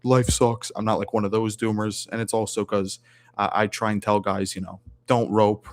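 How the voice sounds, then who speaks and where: Rambling low-voiced man. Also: little pitch movement, fairly quick. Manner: rambling, many fillers and restarts. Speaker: guest streamer. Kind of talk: casual livestream chat.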